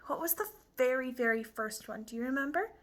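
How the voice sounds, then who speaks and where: A woman teaching young children, slow and clear, encouraging them with exaggerated emphasis. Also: high-pitched.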